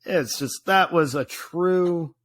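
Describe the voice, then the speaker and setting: A man in his thirties, co-hosting a podcast, telling stories in a casual, animated way with lots of fillers and restarts. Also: fairly high pitch, slow pace. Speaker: podcast co-host. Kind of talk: casual chat.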